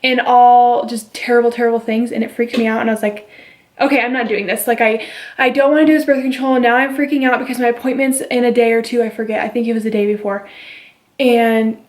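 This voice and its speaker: A woman's voice: a little high, steady tone, fast talker. A young woman vlogging at home, chatting casually as she retells a story and quotes the people in it. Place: at home with her baby.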